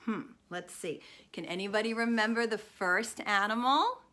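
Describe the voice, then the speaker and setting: A woman speech teacher reviewing a storybook with young children. She speaks in an animated, sing-song way, gasping and pausing for their answers. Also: mid-range voice.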